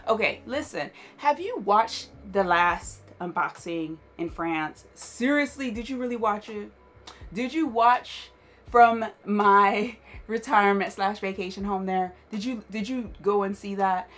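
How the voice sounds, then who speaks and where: A jet-lagged woman hosting a casual vlog from her closet room at home, talking straight to her viewers in an animated way. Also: medium pitch, unhurried, faint music behind. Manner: animated, talks straight to viewers with repeated yeses and listens. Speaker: vlogger host. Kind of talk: casual chatty vlog to camera.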